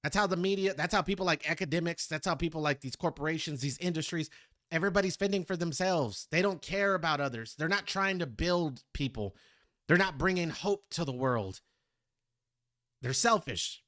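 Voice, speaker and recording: A man's voice: a little high, moderate pace, fairly bright tone, no echo, studio quality. A man hosting a music reaction video, talking reflectively and directly to his viewers. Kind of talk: casual reaction commentary.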